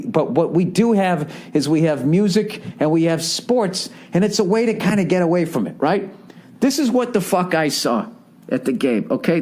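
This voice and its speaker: A man in his forties with a Boston accent rants through a comedic podcast monologue. His voice sits fairly high, and he swears freely as he tells the story with lots of energy. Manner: profane, ranting, animated storytelling. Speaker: podcast host.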